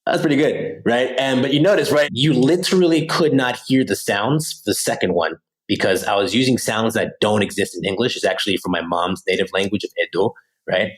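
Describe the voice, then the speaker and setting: Animated American man, slightly low voice. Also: brisk, poor audio. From United States. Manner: animated, lively teaching, keeps checking in with "right?"; casual slangy delivery with many "like" fillers. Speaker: podcast guest, language coach. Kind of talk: explaining in a podcast interview.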